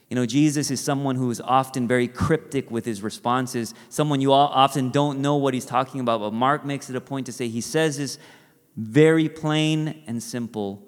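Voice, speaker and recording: A man's voice: mid-range voice, normal speed, big-room sound. A man preaching a sermon in a conversational way, acting out quotes and adding rhetorical asides.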